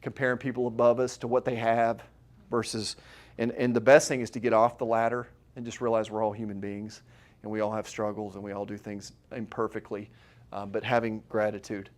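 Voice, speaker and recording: A man's voice: fairly low pitch, flat delivery, a little fast. A middle-aged man, a chiropractor, giving a live seminar talk to an audience in a room, conversational and full of rhetorical questions.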